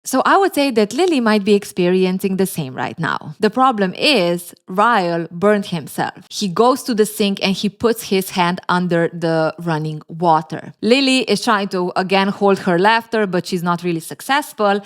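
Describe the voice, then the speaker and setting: A woman's voice: medium pitch, animated, moderate pace, few pauses. A woman host narrating a novel's plot and adding chatty, sarcastic commentary straight to her viewers.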